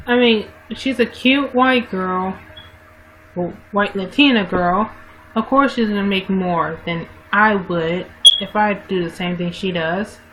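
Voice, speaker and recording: A woman vlogger with a mid-range voice talks unhurriedly to her livestream viewers through a webcam mic, with background noise audible. She rambles casually, often correcting herself and starting over.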